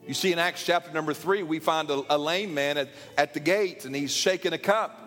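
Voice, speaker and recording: A man preaching to his church in a highish voice, pressing his points with repeated phrases. His words ring out with the long reverb of a large sanctuary. Soft instrumental music plays faintly beneath him. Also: a little fast. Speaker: pastor. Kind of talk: sermon.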